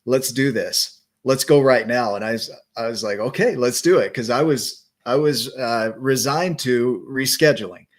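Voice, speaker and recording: A man's voice: mid-range voice, moderate pace, hardly any pauses. A man hosting a podcast interview, chatting in an upbeat, enthusiastic way with some stammered restarts. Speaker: podcast host. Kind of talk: casual interview chat.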